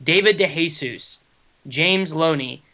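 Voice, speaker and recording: A man co-hosting a fantasy baseball show, talking quickly and analytically in casual chat. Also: a little high, pushed and bright. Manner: quick, analytical, self-deprecating.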